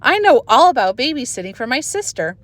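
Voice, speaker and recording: A woman voicing a bossy, whiny young schoolgirl with a shrill, pleading manner. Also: sing-song, a little fast, a bit bright, dry recording. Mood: eager.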